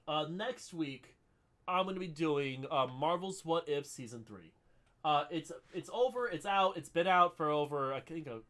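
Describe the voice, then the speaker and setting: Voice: mid-range voice, fairly bright tone. A podcast host with a scratchy throat, chatting casually on a solo show, rambling with lots of fillers and giggles.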